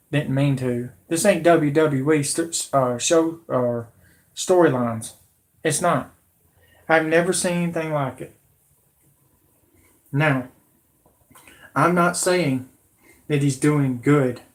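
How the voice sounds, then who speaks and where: A man in his late thirties hosting his own channel, delivering a heated, repetitive, confrontational political rant. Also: fairly high pitch. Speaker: channel host.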